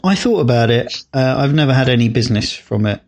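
Fast and lively in intonation, a medium-pitched man co-hosts a podcast with casual, rambling talk. He hesitates, restarts, and uses lots of fillers.

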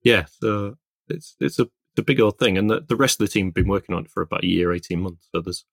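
With a low, creaky, husky voice and a quick pace, this illustrator co-hosting a podcast wanders through stories in casual chat, cutting himself off with constant self-corrections. The studio sound is clean, with no echo.

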